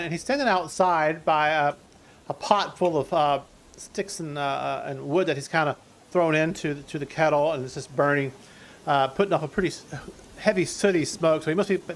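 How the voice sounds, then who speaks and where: A man's voice: fairly high pitch, normal speed. A man narrating a tabletop game as game master, rambling through restarts and fillers.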